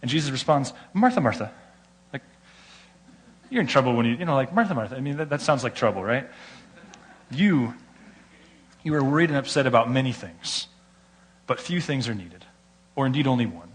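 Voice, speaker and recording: A man's voice: mid-range voice, normal speed, long pauses. An American man delivers a sermon in an ordinary mid-range voice. He tells stories with energy and slips into the voices of the people he quotes. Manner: animated storytelling, acts out quoted voices. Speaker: pastor.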